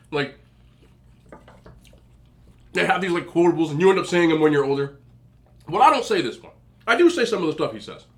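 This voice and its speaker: Here a young adult mukbang vlogger tells casual, chatty stories over his food, speaking with his mouth full. His voice is high-pitched and bright, with a forceful tone.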